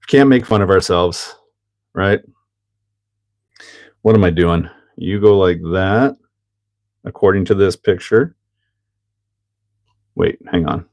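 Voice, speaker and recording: A laid-back middle-aged Canadian man with a fairly low voice hosts a casual livestream. He jokes, laughs easily and reads out chat messages while building a kit, with an easygoing and unhurried delivery. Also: darkish tone. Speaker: livestream host.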